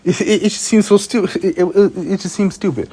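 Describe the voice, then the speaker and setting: A man's voice: high-pitched, brisk, mellow, husky. A young man, a student filmmaker, telling a rambling, exasperated story in a casual vlog, often stumbling over and repeating his words. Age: young adult.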